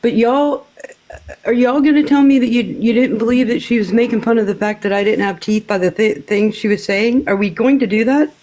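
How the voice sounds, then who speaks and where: A woman's voice: a little high, a little fast, darkish tone, rough recording. A woman in heated casual chat on a group livestream, defensive and rambling, laughing between points. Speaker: livestream participant.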